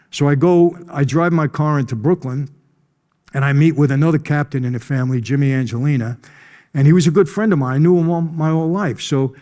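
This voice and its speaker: A man on a conference stage recounts a personal story with a mellow, warm tone. He talks emphatically and conversationally, stressing key moments and pausing now and then to clear his throat. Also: on the high side, big-room sound. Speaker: conference speaker.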